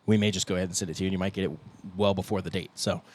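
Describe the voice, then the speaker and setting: Speaking rapid-fire in a low, level, slightly mellow voice, this young guitarist co-hosts his band's laid-back podcast. He jokes around, laughs frequently, and performs other people's quotes.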